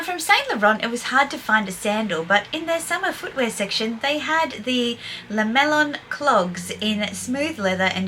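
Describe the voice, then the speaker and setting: An older woman talks straight to camera with a bright, forward tone. Her commentary is blunt and scathing but playful. A faint hum of the room sits under her voice. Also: mid-range voice. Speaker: vlogger. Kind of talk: opinionated fashion commentary.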